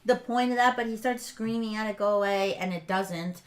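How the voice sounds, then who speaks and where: A woman's voice: on the high side, a little fast. A young woman co-hosting a podcast, recapping a TV series in casual chat with lots of fillers and self-corrections. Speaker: podcast co-host.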